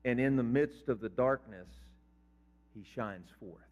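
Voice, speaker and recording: A man's voice: mid-range voice, measured pace. An older man, a pastor, preaching a sermon in a conversational way and quizzing his congregation. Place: church sanctuary. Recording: reverberant hall, dull lo-fi sound.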